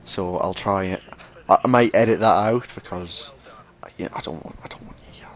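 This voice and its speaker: A man's voice: low voice, moderate pace, no room sound. A man commentating over his own racing game, rambling, sarcastic and mocking himself. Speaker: gaming commentator.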